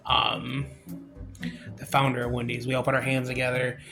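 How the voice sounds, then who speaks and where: A young man telling a work story in a casual vlog, rambling and halting, acting out the quotes. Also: medium pitch, monotone, music in the background.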